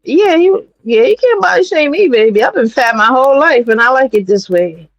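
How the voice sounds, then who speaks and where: A woman from New York City hosting a livestream, talking in a blunt, profane and animated way as she gives her commentary. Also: high-pitched, normal speed, no echo, muffled recording. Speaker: streamer host.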